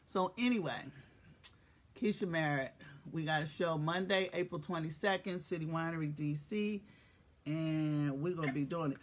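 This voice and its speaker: A host of a casual live-stream show, joking and swearing, who swings from quiet asides to loud shouted greetings. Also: medium pitch, normal speed, slight background noise. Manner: profane, joking banter.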